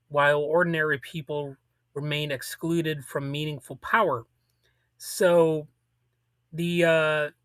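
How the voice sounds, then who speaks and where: A man's voice: fairly high pitch, sharp tone, no room sound. A man giving casual, sarcastic political commentary on his own show, rambling with many fillers and restarts.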